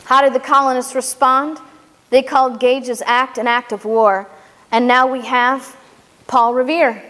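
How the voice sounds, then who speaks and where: A woman with a high, bright-pitched voice delivers an emphatic history lecture and tells it like a story. Her words carry long reverb from the hall, and her delivery stays animated and insistent throughout. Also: measured pace. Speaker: speaker and educator. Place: lecture venue.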